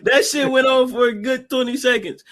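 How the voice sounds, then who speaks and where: A man's voice: extremely high pitch, steady tone, moderate pace, a bit bright. A man co-hosting a casual movie podcast, acting out scenes with lots of laughter. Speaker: podcast co-host.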